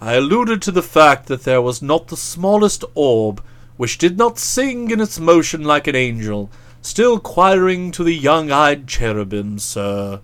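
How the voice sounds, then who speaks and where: A man's voice: fairly high pitch, big pitch swings, fairly bright tone, smooth. A man playing an unflappable, formal valet. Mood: deferential. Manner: measured, formal and deferential. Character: unflappable, deferential gentleman's valet. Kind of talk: audiobook character voice.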